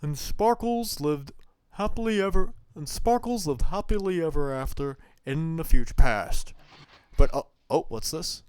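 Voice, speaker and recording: A man's voice: a little high, lively intonation, a little slow, a little mellow, smooth. A man playing a hammy, theatrical show announcer in a comedy web series. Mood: showy. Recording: echoey hall reverb.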